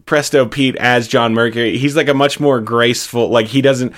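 A man's voice: medium pitch, fairly even intonation, normal speed, a bit bright. A man in casual improvised comedy chat, brainstorming a movie plot in a rambling, chatty way and laughing easily.

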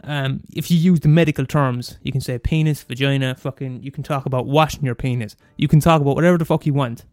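A man's voice: mid-range voice, fast, few pauses, dry recording, studio quality, soft background music. A young man in his twenties with an Irish accent, ranting casually and cursing freely. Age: 20s. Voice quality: sweary, animated rant. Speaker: student radio host. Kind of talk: casual monologue.

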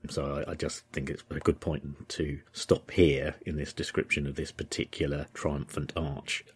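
A man's voice: very deep voice, flat delivery, moderate pace, breathy edge. An English man hosting a history podcast, talking through the topic in a thoughtful, rambling way with many ums and uhs. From England. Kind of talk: informal history commentary.

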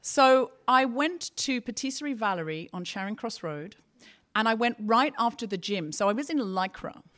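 A woman hosting a comedy show who tells her story with playful, mock-dramatic flair. Her voice is fairly high and very bright. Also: expressive, normal speed. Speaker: comedy podcast host. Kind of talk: comic storytelling.

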